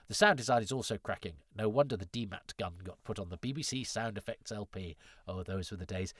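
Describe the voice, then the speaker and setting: A man's voice: on the low side, a bit bright, dry recording, clean studio sound. A man hosting a podcast, reading listener letters in a chatty, wry way that often breaks off and restarts. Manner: chatty, self-interrupting, wry. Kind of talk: casual chat.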